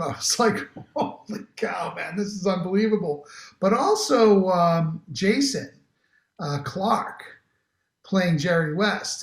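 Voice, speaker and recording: A middle-aged man, an actor guest in a casual interview, talking enthusiastically and rambling with many restarts. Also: high voice. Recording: roomy echo.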